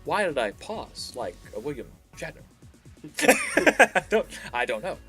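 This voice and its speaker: A man's voice: on the high side, unhurried, slightly rough, soft background music. A man co-hosting a casual podcast, laughing often and swearing freely as he chats. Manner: laughs a lot, lively and profane. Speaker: podcast co-host. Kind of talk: casual chat.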